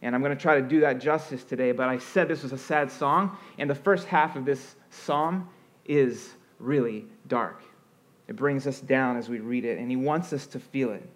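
Speaking at normal speed with a medium-pitched voice, a man preaches as pastor. He is earnest and expressive, lifting and dropping his voice to stress points, talking conversationally and often restarting.

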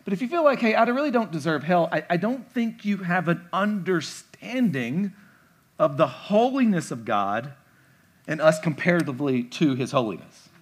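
A man's voice: a little high, big pitch swings, moderate pace, slightly rough. A pastor delivering a conversational sermon, playfully acting out imagined replies from his listeners. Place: church sanctuary.

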